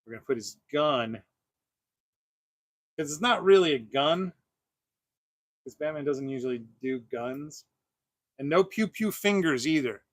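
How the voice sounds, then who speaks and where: With long pauses and a slightly slow delivery, a man hosting a casual toy-collecting stream chats while unboxing. He rambles, restarts, fills gaps and laughs often, his voice animated and on the high side. There's no room sound.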